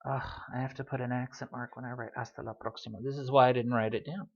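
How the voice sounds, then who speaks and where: A man gives a relaxed Spanish lesson, chatting through polite phrases with dry, joking asides. His voice sits at an ordinary middle pitch and slows down whenever he models a Spanish word. The recording is dull and slightly lo-fi. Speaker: Spanish teacher. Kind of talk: casual language lesson. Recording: dull lo-fi sound.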